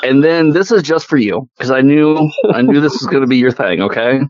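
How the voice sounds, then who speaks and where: A man's voice: medium pitch, animated, brisk, a little mellow, no room sound, muffled recording. A man co-hosting a casual movie review podcast, sardonic and swearing often as he picks films apart. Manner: sardonic, swears often, acts out quoted lines. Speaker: podcast co-host.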